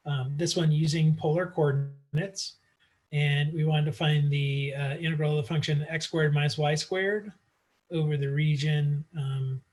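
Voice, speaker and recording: A man teaching math in a casual online lecture, working through problems aloud with frequent fillers, recorded on a computer mic. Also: on the high side. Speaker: math instructor.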